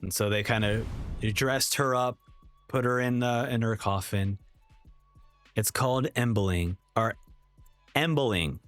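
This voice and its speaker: A man's voice: on the low side, steady tone, a little slow, pauses often, fairly bright tone, dry recording, soft background music. Young man, dry close commentary voice. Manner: reads subtitles aloud and narrates the scene, with self-corrections. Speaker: reaction streamer. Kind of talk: anime reaction commentary.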